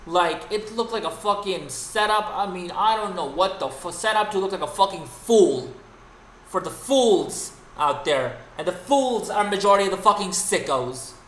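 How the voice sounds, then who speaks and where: A man's voice: high-pitched, animated, moderate pace, a bit bright. Man, livestream rant, profane and exasperated, faint background noise, echoey room. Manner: profane, exasperated ranting with frequent restarts. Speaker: streamer and host.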